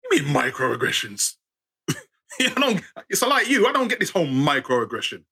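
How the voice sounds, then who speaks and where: A man's voice: high voice, wildly swooping pitch, moderate pace, sharp tone, slightly rough. A middle-aged British man telling personal stories as an interview guest, acting out the voices of people in them with sarcastic wit. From United Kingdom. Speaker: storyteller guest. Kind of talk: animated personal storytelling.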